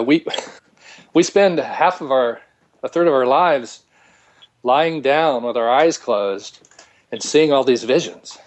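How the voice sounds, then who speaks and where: Male radio guest, middle pitch, halting and playful, lots of false starts. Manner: hesitant, restarting, joking. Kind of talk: casual radio interview.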